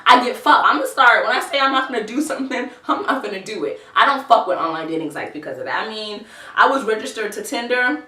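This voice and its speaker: A woman vlogger tells a dating story in a loose, profane, animated way, laughing often. Her voice is bright and sharp. It sounds roomy and set a little back from the microphone. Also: a little high, distant mic. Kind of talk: casual storytime. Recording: roomy echo, voice a bit off-mic.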